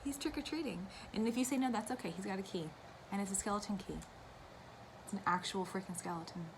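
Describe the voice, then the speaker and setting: A woman's voice: mid-range voice, quick pace, noisy background. A young woman chatting casually to camera about her cross-stitch, gushing and wandering into asides. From United States.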